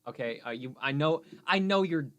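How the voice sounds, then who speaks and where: A man's voice: fairly high pitch, expressive, moderate pace, a bit bright. A young man hosting a casual nerd chat podcast, teasing his co-host and steering the topics.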